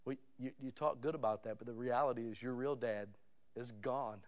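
A man's voice: medium pitch, moderate pace. Fifty-something male preacher telling stories. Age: 50s. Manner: storytelling, swings from hushed to loud and excited; conversational, addresses listeners as "guys". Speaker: pastor. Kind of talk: sermon.

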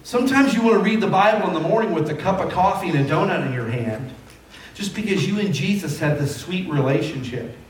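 Male pastor, conversational sermon with emphatic calls, slightly high voice, distant mic in a reverberant sanctuary. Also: animated, brisk, a little hiss or hum. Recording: echoey hall from far off.

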